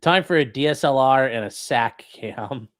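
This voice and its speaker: A man's voice: mid-range voice, normal speed, fairly bright tone. A young man hosting a casual call-in livestream from a room at home, rambling and joking while reading chat aloud. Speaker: call-in show host.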